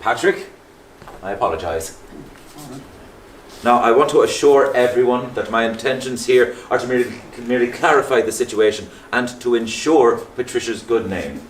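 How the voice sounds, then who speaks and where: An actor playing a prying, slightly pompous Catholic parish priest with a Liverpool accent who speaks in a measured, probing way. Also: male voice, mid-range voice, recorded from a distance, slight background noise, close to an everyday voice. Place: theatre stage. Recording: roomy stage sound, faint ambience.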